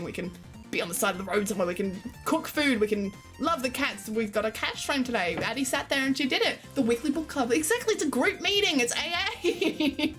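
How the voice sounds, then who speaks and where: A woman's voice: fairly high pitch, fairly bright tone. An Australian woman streaming, chatting casually and giggling while she reads and answers her live chat. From Queensland, Australia.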